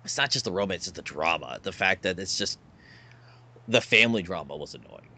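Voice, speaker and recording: A man's voice: low-pitched, animated, fairly quick, sharp tone. A man co-hosting a casual podcast chat, animatedly explaining a show and pointing out pictures. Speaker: podcast co-host.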